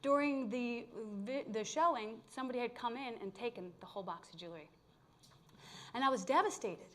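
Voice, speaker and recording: Middle-aged woman, fairly high voice, spiritual speaker; candid, animated storytelling with blunt humor for a live congregation. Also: brisk. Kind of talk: personal storytelling talk to a congregation. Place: live talk at a spiritual community gathering.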